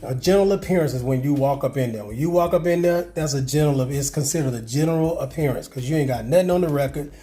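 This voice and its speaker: A man's voice: a little high, quick pace, few pauses, mellow. Man, host, emphatic, slangy, casual call, faint background music. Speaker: channel host.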